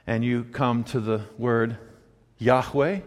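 A man's voice: medium pitch, steady tone, slow. Emphatic preacher man in a reverberant hall. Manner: emphatic, with rhetorical questions to the congregation. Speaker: pastor. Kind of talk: sermon.

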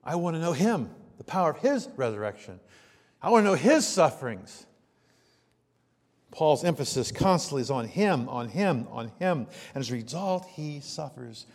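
Guy preaching a sermon, voice way up high, big echoey hall. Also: very animated, moderate pace. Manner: preaching with dramatic swings from loud emphasis to hushed low tones.

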